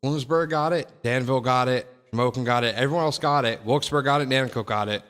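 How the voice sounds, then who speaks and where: A man's voice: mid-range voice, fast, fairly bright tone. A man appearing as a podcast guest in an apartment, speaking offhandedly and often turned away from the mic. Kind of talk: casual podcast chat. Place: studio apartment. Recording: distant from mic, roomy echo.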